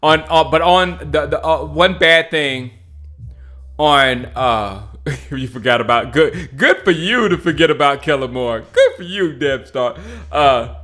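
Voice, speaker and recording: Excitable man laughing through fan commentary. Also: on the high side, a little slow. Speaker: sports livestream host. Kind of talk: casual livestream commentary.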